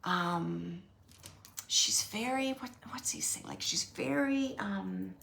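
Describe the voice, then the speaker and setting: A woman working as a medium, relaying a spirit's messages in soft, halting phrases that often drop to a whisper. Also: mid-range voice, lively intonation, creaky, slight background noise. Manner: repeats phrases and pauses searching for words. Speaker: psychic medium. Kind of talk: channeling a spirit reading.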